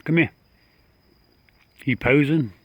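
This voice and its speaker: In a lo-fi, very noisy recording, a man with a fairly high voice speaks slowly to an animal outdoors at night. He's a backyard wildlife videographer, coaxing it casually, laughing softly and repeating himself.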